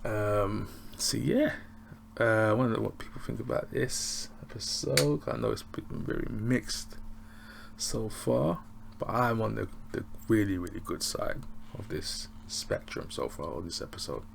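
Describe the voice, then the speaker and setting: Pria beraksen Inggris dengan suara serak rendah. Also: male voice, on the low side, unhurried, vocal fry, slight background noise. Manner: slangy, chuckling, rambling. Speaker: TV review vlogger. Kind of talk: casual review chat.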